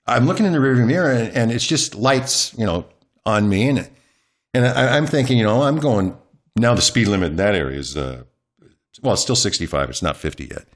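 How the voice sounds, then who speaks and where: A man's voice: medium pitch, lively intonation, fairly quick. A man, a longtime news anchor, animatedly telling a chatty anecdote as an interview guest at home. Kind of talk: candid interview storytelling. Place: his home.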